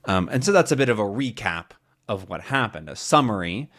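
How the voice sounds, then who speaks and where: A man's voice: fairly low pitch, fairly quick. A man who is an English teacher, explaining a comic for learners and often rephrasing his words. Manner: animated, repeats and rephrases.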